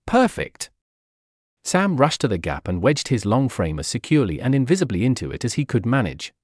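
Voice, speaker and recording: A man reads a fan-fiction story aloud as a dramatic audiobook, his pitch rising and falling a lot. The recording is dry and close-miked, with no room echo. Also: quick pace. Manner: expressive, voices the characters' shouts. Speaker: audiobook narrator.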